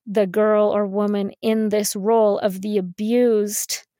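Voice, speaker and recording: A woman hosting a talk podcast in a relaxed, conversational way, full of "you know" and "like" and the odd light laugh. Her voice sits at a middling pitch and is recorded close and dry, with no room sound. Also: takes it slowly, no echo. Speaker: podcast host. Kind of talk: casual discussion, reading quotes aloud.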